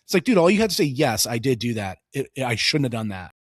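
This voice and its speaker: The speaker is a podcast co-host, a man in his thirties on a casual political show who tells lively stories and voices the dialogue himself. His medium-pitched voice comes quickly, with clean studio sound and no room sound.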